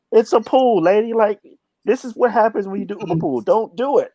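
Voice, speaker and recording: A man's voice: high voice, brisk, mellow, no echo, low-quality recording. A man in casual chat, laid-back and joking, trailing off with fillers.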